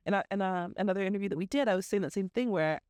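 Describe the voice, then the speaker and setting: A woman from Arizona co-hosting a podcast, chatty and animated as she shares her own experiences. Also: medium pitch, racing, clean tone, no echo, clean studio sound. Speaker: podcast co-host. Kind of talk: casual interview chat.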